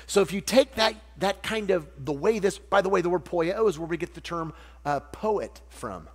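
Husky guy preaching, pitch jumping all over, big echoey hall with a hum under it. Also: moderate pace. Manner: animated, jokey, acts out voices. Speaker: pastor. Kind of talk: sermon. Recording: long hall reverb with mains hum.

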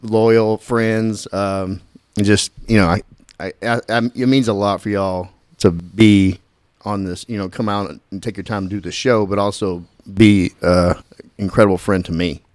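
A male podcast host with a lowish voice, chatting loosely with guests and laughing easily. He restarts his sentences often. The sound is dry and close. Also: fairly even intonation, moderate pace, darkish tone, no echo. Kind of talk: casual podcast chat.

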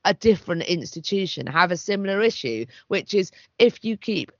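A woman co-hosting a casual discussion podcast, weighing her views aloud with measured restarts. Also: fairly low pitch, lively intonation, no echo, dull audio. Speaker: podcast co-host.

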